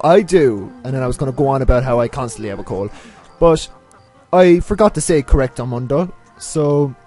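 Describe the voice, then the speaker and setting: Stuffy-nosed man rambling over gameplay. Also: a little high. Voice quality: stuffy, nasal from a cold. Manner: rambling, self-mocking, drifts between loud and mumbled asides. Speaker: let's play host. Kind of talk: casual gameplay commentary.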